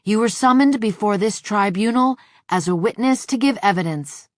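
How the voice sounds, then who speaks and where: A furious elderly judge hands down stern, booming rebukes from the bench, read by a woman audiobook narrator. The recording is close and dry. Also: lively intonation, normal speed, no room sound, close to an everyday voice.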